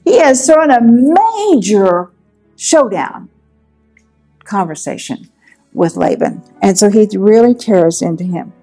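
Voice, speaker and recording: A woman retells a Bible story in a relaxed, animated way, slipping into the characters' lines. Her voice sits at a middle pitch. Soft music plays faintly behind her. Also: slow, husky. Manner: lively storytelling, acting out quotes. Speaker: Bible teacher.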